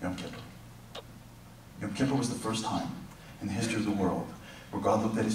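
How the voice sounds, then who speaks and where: A man giving a lively inspirational talk to a congregation, swinging from loud to hushed, heard in an echoey hall from a distance. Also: lowish voice, fairly quick, long pauses, a little hiss or hum. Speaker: guest speaker.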